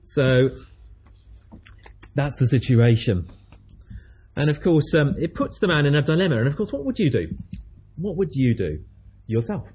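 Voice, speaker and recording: A man's voice: fairly high pitch, big pitch swings, a little slow, long pauses, darkish tone, slight background noise. A man preaching a sermon, telling a story in a chatty way and acting out the voices of its people.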